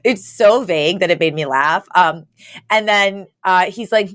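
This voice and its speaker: A woman's voice: lowish voice, measured pace, no room sound, studio quality. A woman co-hosting a podcast, recapping an episode in a chatty, giggly way. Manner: giggly, chatty, acts out quoted lines. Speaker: podcast co-host. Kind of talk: casual recap chat.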